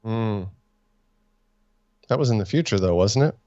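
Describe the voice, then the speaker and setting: A man's voice: on the low side, expressive, unhurried, warm tone, no echo, dull audio. A man co-hosting a fan review podcast, chatting casually in a laid-back, teasing way. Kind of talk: casual chat.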